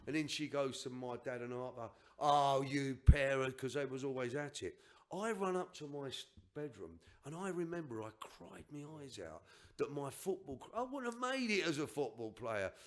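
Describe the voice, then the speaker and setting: A man's voice: mid-range voice, animated, normal speed, fairly bright tone. An older man on a podcast, telling a personal story in an emphatic, rambling way with restarts and asides. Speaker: podcast guest.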